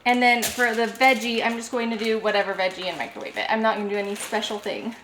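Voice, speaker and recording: A woman's voice: a little high, fairly even intonation, fast talker, a bit bright, echoey room, a little hiss or hum, poor audio. A woman vlogging as she cooks at home, chatting casually and talking herself through each step. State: out of breath. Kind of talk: casual cooking narration. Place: home kitchen.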